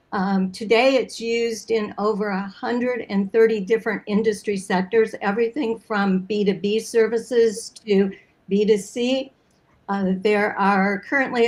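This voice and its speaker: Woman guest expert, middle pitch, informative, steady delivery. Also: low-quality recording. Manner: steady, fact-heavy explaining. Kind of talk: informative panel answer.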